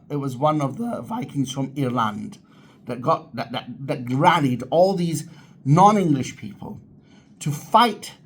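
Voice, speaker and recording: A man hosting his own channel, talking casually and enthusiastically about history and his heritage, rambling with frequent restarts. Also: mid-range voice. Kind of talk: casual talk to camera.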